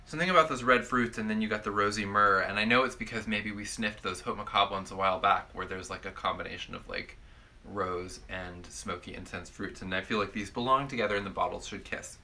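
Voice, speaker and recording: A man's voice: lowish voice, fairly quick, bright, forceful tone. A man casually chatting as a perfume reviewer, playful and rambling, full of jokey descriptions. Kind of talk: casual chat.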